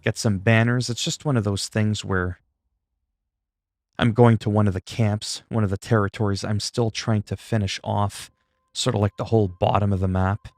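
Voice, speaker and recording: Low-voiced rambling gaming streamer. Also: male voice, steady tone, normal speed, darkish tone, dry recording, studio quality. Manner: rambling, filler-heavy, self-deprecating jokes. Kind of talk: casual livestream chat while gaming.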